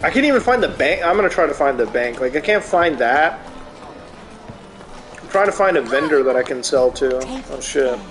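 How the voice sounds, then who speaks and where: A man's voice: on the high side, normal speed. A man streaming a game, chatting casually and ranting with plenty of swearing. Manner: profane, animated ranting. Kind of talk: casual chat while gaming.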